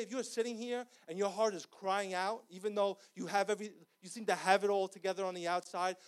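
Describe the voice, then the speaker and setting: A man preaching an impassioned sermon in a church, swinging from loud cries to quiet pleading. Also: sits high. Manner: impassioned, rising to shouts.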